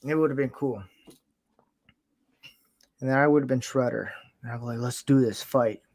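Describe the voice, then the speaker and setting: Hosting a relaxed conversation, this Florida man rambles, laughs softly a lot and makes self-deprecating jokes. He has a mid-range voice with fairly even intonation and speaks at normal speed.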